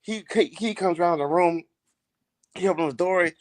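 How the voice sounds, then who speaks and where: A man's voice: high voice, normal speed, no room sound. A man telling a long, profane story in casual podcast chat, laughing as he goes.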